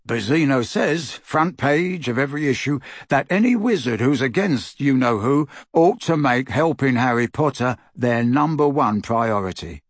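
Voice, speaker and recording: A man's voice: mid-range voice, expressive, moderate pace, hardly any pauses, dry recording, clean studio sound, lightly acted. A man voicing a blunt, frank middle-aged wizard in a storybook reading, confiding and scornful.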